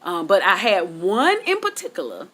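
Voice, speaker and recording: Animated woman telling a story straight to viewers. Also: normal speed. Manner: animated, excitable, jumps way up in pitch on punchlines; chatty Southern US vernacular, talks straight to viewers. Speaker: storytelling vlogger. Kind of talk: casual storytime vlog. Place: at home, outdoors.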